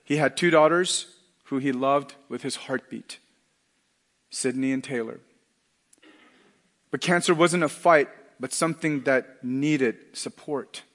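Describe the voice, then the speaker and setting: A middle-aged male pastor preaching a sermon earnestly, dropping to a hush and then rising to loud emphatic lines. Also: mid-range voice, slow, pauses often, long reverb tail.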